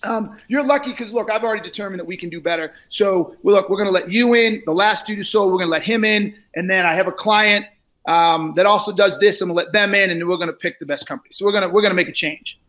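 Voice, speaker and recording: A man coaching a salesperson in a live role-play, blunt and profane, lecturing and often raising his voice. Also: quick pace. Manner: often shouts, then drops low.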